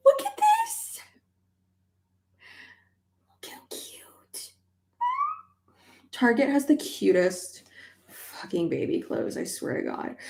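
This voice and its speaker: A woman's voice: on the high side, roomy sound. Chatty young woman vlogging casually. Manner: chatty, swears casually, many fillers. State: pregnant. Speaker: YouTuber. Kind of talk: casual livestream chat.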